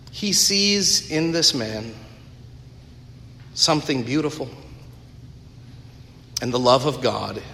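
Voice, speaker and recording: A man's voice: medium pitch, sharp tone, a little hiss or hum. A man preaching a sermon, retelling a story earnestly with conversational asides to the congregation. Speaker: pastor. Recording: echoey hall with long reverb.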